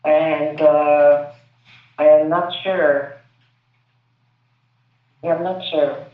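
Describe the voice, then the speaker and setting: A woman's voice: low voice, little pitch movement, very slow. Hesitant woman heard from far off. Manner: hesitant, searching for words, many fillers. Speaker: filmmaker answering audience questions. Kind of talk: panel Q&A answer. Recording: distant, echoey, phone-like sound.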